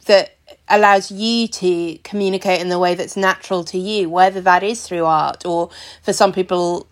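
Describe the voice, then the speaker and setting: A woman hosting a podcast interview, thoughtful and measured as she asks her questions. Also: lowish voice, fairly even intonation. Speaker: podcast host.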